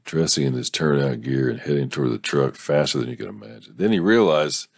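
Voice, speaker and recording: A man's voice: a bass voice, lively intonation, fairly quick, creaky, breathy edge, no echo. A man reading a romance novel aloud and often breaking off to laugh, swear and joke about the story. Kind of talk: casual read-aloud with commentary.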